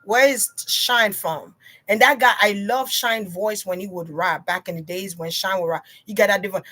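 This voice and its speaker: A woman's voice: mid-range voice, moderate pace, sharp tone. A woman chatting casually to her viewers on a livestream tarot reading, slangy and direct.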